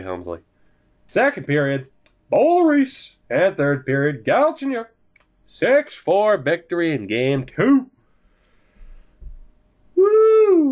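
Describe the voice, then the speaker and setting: A young man casually commentating his hockey video game, joking and swearing, swinging from low mutters to sudden shouts. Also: muffled recording. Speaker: gaming commentator.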